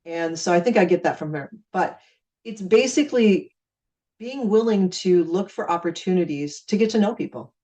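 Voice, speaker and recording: A woman's voice: fairly low pitch, animated, normal speed, mellow, lo-fi sound. A middle-aged woman from Minnesota giving a casual training talk on network marketing, chatty and acting out conversations. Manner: chatty, acts out conversations with friendly repeated phrases. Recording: speaking far from the mic.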